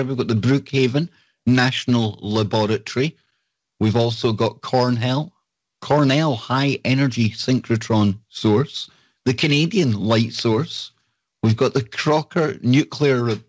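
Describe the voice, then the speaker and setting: A man's voice: medium pitch, no room sound, lo-fi sound. A man hosting a live talk show, chatting casually and reading out lists with enthusiasm. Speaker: show host.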